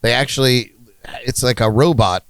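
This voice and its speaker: A man's voice: medium pitch, normal speed, vocal fry, fairly bright tone, clean tone, no room sound. A man hosting a casual podcast chat, rambling with lots of fillers and frequent laughs. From United States. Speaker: podcast host.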